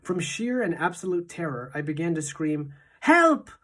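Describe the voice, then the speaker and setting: A woman teacher reading a children's novel aloud in a measured, expressive way. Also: low voice.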